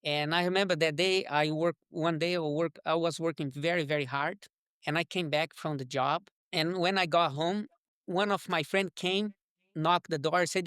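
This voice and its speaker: A Brazilian man with a strong Portuguese accent tells his life story as an interview guest. His English comes quickly and breaks into many restarts. The recording is dry and close, with no room echo. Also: on the high side, smooth. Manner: fast, animated, broken English with restarts. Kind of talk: personal storytelling.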